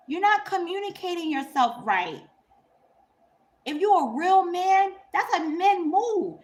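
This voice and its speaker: A young woman, telling a story to camera in a blunt, profane, animated way and laughing often. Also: very high-pitched, slow. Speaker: vlogger. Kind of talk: unscripted storytime rant.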